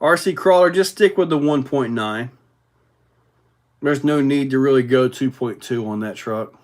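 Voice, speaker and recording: A man hosting a casual livestream, rambling in a relaxed way with many fillers while answering viewer comments. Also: medium pitch, normal speed. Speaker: RC hobby livestream host.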